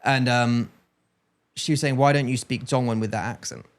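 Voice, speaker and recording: A man's voice: medium pitch, moderate pace. A British man co-hosting a podcast in casual chat, rambling and correcting himself with a joking tone. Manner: rambling, self-correcting, jokey. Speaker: podcast co-host.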